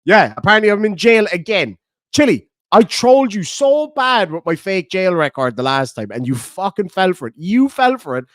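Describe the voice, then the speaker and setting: A man's voice: high voice, very animated, moderate pace, fairly bright tone, no room sound, studio quality. An Irish man streaming live, reading out donation messages in casual, bantering chat, swearing and laughing often.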